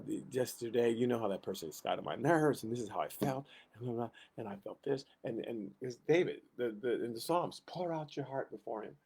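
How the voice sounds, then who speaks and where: A man's voice: fairly low pitch, a little mellow, breathy edge. A middle-aged man teaching a casual Sunday school Bible lesson, telling personal stories and acting out the voices he quotes.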